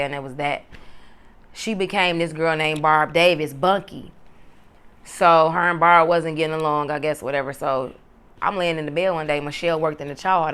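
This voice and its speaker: Blunt, profane woman with a smooth voice. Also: deep voice. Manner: blunt, profane, animated when quoting. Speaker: former prison inmate telling her story. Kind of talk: casual storytelling to camera.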